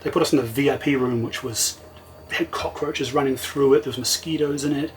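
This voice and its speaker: A man's voice: medium pitch, fairly even intonation, brisk, a little hiss or hum, poor audio. Man telling a vivid story. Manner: vivid retelling, often quoting himself. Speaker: interview guest. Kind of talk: casual storytelling.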